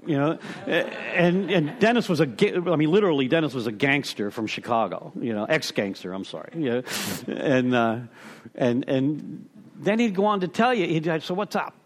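A middle-aged man tells his story to a recovery group. He rambles, stops himself mid-thought and chuckles at his own words. His voice sits a little high for a man and swings widely up and down. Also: expressive, normal speed. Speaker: speaker sharing at a recovery meeting. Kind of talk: personal story share to a group.

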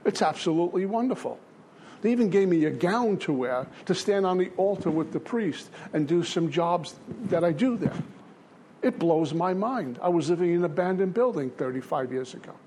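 A man's voice: sits high, expressive, moderate pace, warm tone, a little hiss or hum. An older man giving an earnest, repetitive personal testimony as a speaker at a recovery meeting.

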